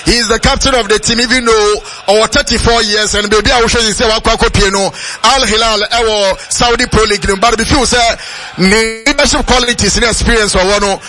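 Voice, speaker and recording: A man with a Ghanaian accent analysing a football match live on radio, explaining in halting English mixed with Twi. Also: high-pitched, steady tone, bright, forceful tone, faint music behind.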